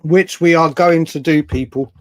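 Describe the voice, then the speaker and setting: A man's voice: fairly high pitch, moderate pace. Chatty man hosting a late-night stream. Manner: chatty, rambling, restarts often, reacts to chat. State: hiccups. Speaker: livestream host. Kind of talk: casual live-stream chat reading comments.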